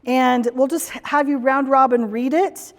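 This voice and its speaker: A woman gives a live workshop presentation with a slightly high voice, telling personal stories in a chatty way and asking the audience questions. Her voice carries a long reverb from a large hall. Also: steady tone, unhurried. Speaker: corporate trainer and speaker. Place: conference room or hall.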